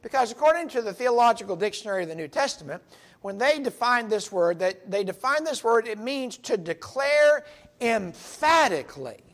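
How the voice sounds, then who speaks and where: A man's voice: extremely high pitch, sing-song, moderate pace, a bit bright. A man teaching a Bible study, earnest and emphatic, stressing key words as he reads verses aloud.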